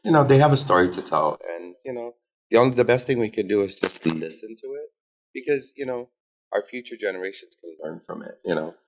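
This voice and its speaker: A man's voice: fairly low pitch, expressive, fairly quick, slight background noise. A man from Guam speaking earnestly as a guest in a casual podcast roundtable.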